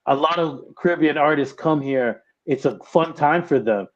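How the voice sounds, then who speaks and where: Easygoing co-host with a slightly high voice, muffled mic. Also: male voice, moderate pace. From Toronto, Canada. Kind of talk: casual chat.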